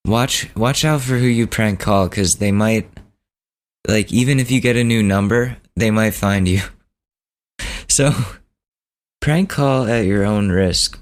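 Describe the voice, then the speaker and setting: A man hosting a podcast, telling a story in a relaxed, rambling, casual way. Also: fairly low pitch. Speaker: podcast host.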